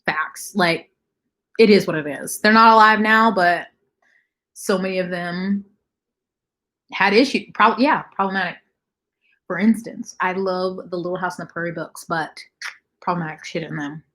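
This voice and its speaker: A woman's voice: fairly low pitch, normal speed, pauses often, pushed and bright. A young woman hosting a casual livestream, bluntly reacting to chat comments and swearing freely. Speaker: livestream host.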